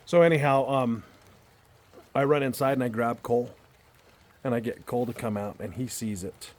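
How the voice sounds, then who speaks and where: Sitting outside in a backyard at night, a storyteller vlogger recounts something personal in an earnest, easygoing way. His mid-range voice is a little mellow at a normal speed, and he rambles, often going back to repeat or restart his words.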